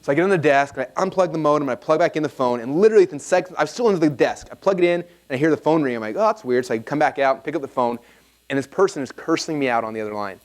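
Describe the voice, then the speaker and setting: A man presenting a seminar to a live audience, telling a story in an energetic, casual way with lots of "like" fillers. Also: fairly high pitch, racing.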